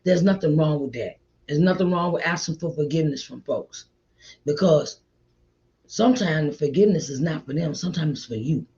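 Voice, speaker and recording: A middle-aged woman hosting an inspirational faith talk, repeating her points warmly and calling listeners child and honey. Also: deep voice, fairly quick. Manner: repetitive, encouraging, calls listeners child and honey. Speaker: host. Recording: slightly dull lo-fi audio.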